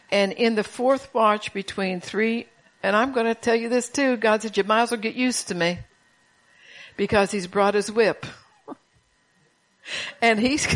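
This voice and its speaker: A woman's voice: mid-range voice, low-quality recording. Woman preacher, folksy and chatty, laughs between points and calls out to the congregation. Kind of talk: sermon.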